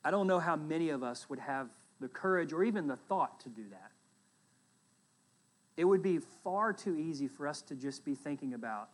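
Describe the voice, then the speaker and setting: A pastor preaching a Sunday sermon in a fairly high-pitched voice. He tells the scripture story with strong swings in loudness, pressing hard on key phrases and then falling to quiet asides. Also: animated, moderate pace.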